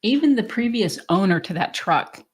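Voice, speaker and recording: A woman's voice: medium pitch, lively intonation, moderate pace, breathy edge. A woman co-hosting a podcast, chiming in with wry, brief remarks in casual chat. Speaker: podcast co-host.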